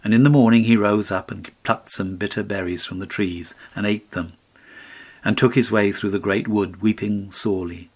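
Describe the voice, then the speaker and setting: Male fairy-tale narrator, low-pitched, measured and solemn delivery. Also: fairly even intonation, darkish tone, slightly rough. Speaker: audiobook narrator.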